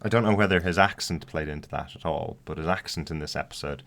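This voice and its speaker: A man's voice: very deep voice, quick pace, fairly bright tone. A man co-hosting a podcast, chatting casually and enthusiastically about a TV episode and laughing often. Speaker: podcast co-host. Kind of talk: casual TV review chat.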